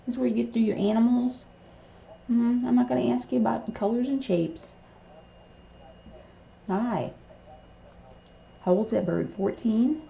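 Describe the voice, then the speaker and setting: A woman's voice: mid-range voice, moderate pace, vocal fry, long pauses, reverberant. A woman talking in sing-song baby talk to her pet bird on a live stream. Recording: dull lo-fi with steady noise.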